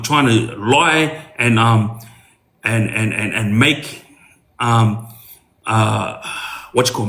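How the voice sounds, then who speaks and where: A man's voice: medium pitch, a bit bright. A man telling a personal story in casual talk, earnest, with many hesitations and restarts. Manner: earnest, speaks straight to younger listeners. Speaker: podcast guest telling a story.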